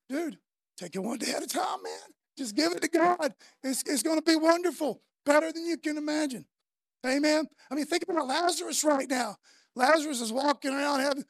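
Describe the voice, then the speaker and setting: A woman's voice: high voice, moderate pace, dry recording. A woman preacher delivering a fervent, conversational sermon full of casual slang.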